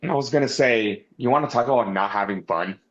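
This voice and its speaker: A man co-hosting a casual wrestling review podcast, animated and swearing as he rants in mock anger. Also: medium pitch, a little fast, highs cut off. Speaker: podcast co-host.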